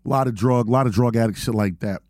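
A man's voice: medium pitch, fast, darkish tone, no echo, clean studio sound. A man, hosting a podcast and telling stories in a laid-back, profane way. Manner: laid-back storyteller, swears freely. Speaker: podcast host. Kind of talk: casual profane chat.

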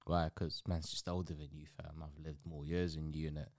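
Deep-voiced young man, laid-back. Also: little pitch movement, normal speed, a little mellow, no echo, clean studio sound. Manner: laid-back, slangy, keeps saying innit. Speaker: podcast host. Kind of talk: casual chat.

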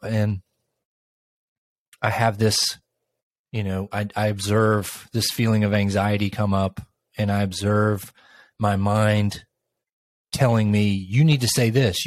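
A middle-aged man co-hosting a podcast, telling a personal story in a thoughtful, unhurried way with pauses. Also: on the low side. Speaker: podcast co-host. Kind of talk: reflective casual conversation.

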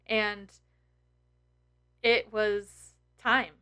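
A woman's voice: mid-range voice, flat delivery, drawn-out words, bright, forceful tone, clean tone. A woman in her thirties talking candidly and emotionally to her followers, blunt and full of swearing. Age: 30s. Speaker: tarot content creator. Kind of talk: candid personal vlog.

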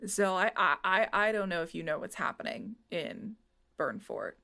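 A woman's voice: on the low side, big pitch swings, normal speed, creaky, pushed and bright, exaggerated voice. A woman voicing a blunt, protective young man who speaks in a curt, wary way in a tabletop game. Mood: worried.

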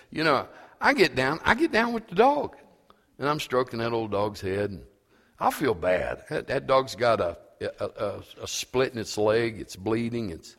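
A man preaching a sermon as a pastor, telling a homespun story and building to fervent, emphatic preaching. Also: medium pitch. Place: church. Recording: reverberant church hall.

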